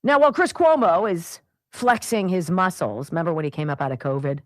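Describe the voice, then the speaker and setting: A woman hosting a talk radio show, delivering an indignant, animated opinion monologue into a studio microphone. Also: on the low side, brisk, no room sound.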